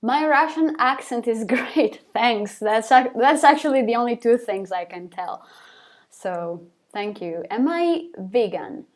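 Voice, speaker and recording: A woman's voice: a little high, animated, measured pace. A young woman, a band's singer, reading fan questions aloud from a live chat and answering them casually, with lots of fillers and small laughs.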